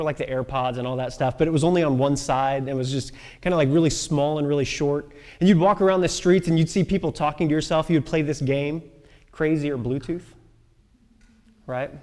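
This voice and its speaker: A woman preaching a personal testimony sermon, telling a story with pauses and sudden soft drops in her voice. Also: sits low. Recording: long reverb of a large hall.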